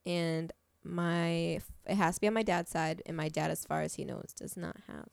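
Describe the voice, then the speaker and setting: Low, gravelly young woman chatting. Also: fairly even intonation, normal speed, dry recording. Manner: chatty, swears freely, says "like" often. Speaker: podcast guest. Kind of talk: casual chat. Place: small podcast studio.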